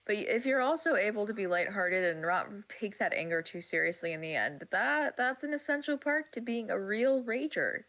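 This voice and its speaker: A woman co-hosts a casual reaction-stream chat, candid and loose with her swearing. Her voice is bright and sharp, at a middle pitch. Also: expressive, normal speed, few pauses, rough recording. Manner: candid, profane, chatty.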